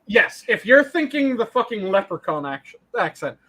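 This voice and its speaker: A man's voice: high-pitched, sing-song, moderate pace, bright, forceful tone. A man who acts on stage, co-hosting a casual online chat and telling stories emphatically with plenty of swearing. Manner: emphatic, profane storytelling. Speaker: podcast co-host and stage actor.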